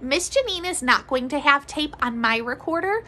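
A woman music teacher leading a children's recorder lesson, speaking gently in a sing-song way and sometimes dropping to soft whispers. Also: high-pitched, animated, normal speed, rough recording. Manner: drops to soft whispers to demonstrate.

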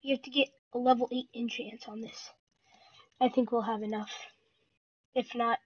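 A gaming channel host giving live commentary on their own match, excitable and talking to themselves while playing. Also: mid-range voice, moderate pace, pauses often, breathy edge, no echo, muffled recording.

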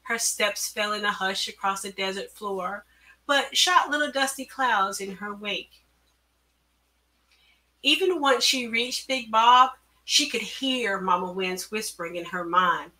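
A woman author reading her own story aloud, measured and careful, at an online event through a computer mic. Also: medium pitch, bright, forceful tone. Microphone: computer mic on a video call.

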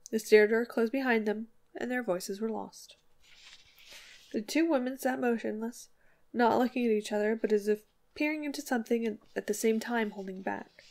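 A woman narrating a classic short story as an audiobook, in a measured, expressive reading. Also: fairly high pitch. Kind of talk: scripted narration.

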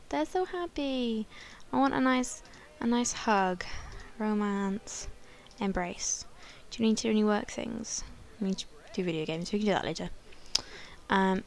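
Excitable woman with a gravelly edge. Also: medium pitch. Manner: excitable, gasps and squeals often. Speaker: gaming channel host. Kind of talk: let's play commentary.

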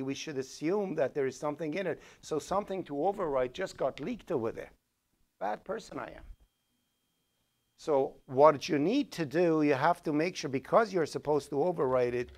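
A man lecturing a class on programming as he codes live, with a Persian accent, thinking aloud and correcting himself as he goes. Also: a little high. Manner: thinks aloud while coding, with fillers and self-corrections.

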